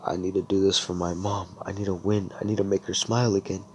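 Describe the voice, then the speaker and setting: An earnest young fighter set on winning at all costs, as a storyteller puts him on. It comes across low and serious, with a faint hiss behind it. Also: male voice, flat delivery, quick pace, darkish tone, lightly acted. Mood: determined. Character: determined young male fighter.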